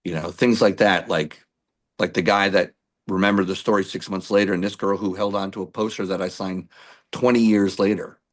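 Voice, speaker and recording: A middle-aged male musician telling lively stories in an interview, acting out what people said to him. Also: deep voice, moderate pace. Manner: animated anecdotes with acted-out quotes. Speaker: musician guest. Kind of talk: storytelling interview.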